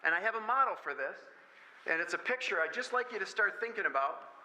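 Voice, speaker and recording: A man from Michigan speaking at a school parent meeting, telling jokey stories in an animated way. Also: sits high, fast, low-quality recording. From Michigan, USA. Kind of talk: lively talk with stories.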